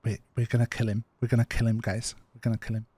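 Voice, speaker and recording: A man's voice: medium pitch, little pitch movement, fast talker, warm tone, slightly rough, no room sound. A man streaming a survival game, chatting loosely and repeating himself as he plays. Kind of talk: live gameplay commentary.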